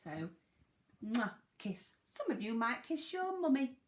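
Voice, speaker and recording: A woman teaching a phonics lesson to young children, sounding out words slowly and emphatically. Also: on the high side, sing-song. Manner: slow, sing-song, emphatic sounding out of words. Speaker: primary school teacher. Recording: echoey room.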